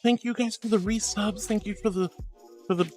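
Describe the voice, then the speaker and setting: A woman's voice: medium pitch, steady tone, brisk, warm tone, faint music behind. A woman live streamer chatting with her viewers, gushing, flustered and laughing often as she thanks them.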